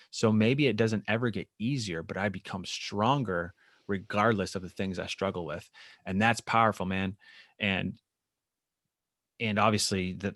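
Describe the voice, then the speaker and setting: On a podcast, a man with a low voice appears as a guest therapist, describing his work in a lively, casual interview. Now and then he briefly acts out things his clients say. The recording is dry, with no room sound at all.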